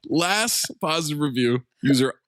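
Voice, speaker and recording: A man reads film reviews aloud on a comedy podcast, hamming them up with mock-earnest emphasis. His pitch rises and falls widely. The recording is dry and close. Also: expressive, moderate pace, fairly bright tone, dry recording. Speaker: podcast co-host.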